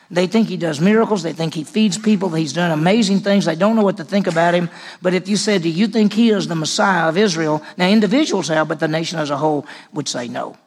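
A man's voice: on the high side, creaky. A man teaching a Bible study lesson in a conversational way, repeating words for emphasis.

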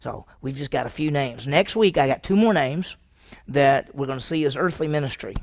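A man's voice: mid-range voice, moderate pace. A man preaching a sermon, asking the congregation questions and acting out the voices of the people in the story. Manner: asks the congregation questions, acts out quoted voices. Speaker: pastor.

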